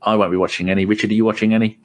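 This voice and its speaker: A man's voice: lowish voice, little pitch movement, racing. A man from England hosting a casual football podcast, laid-back, laughing often and steering between topics. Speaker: podcast host.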